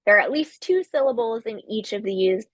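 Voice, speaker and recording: A woman giving a recorded literature lecture, explaining slowly with occasional fillers. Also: on the high side, expressive, fairly bright tone, no room sound.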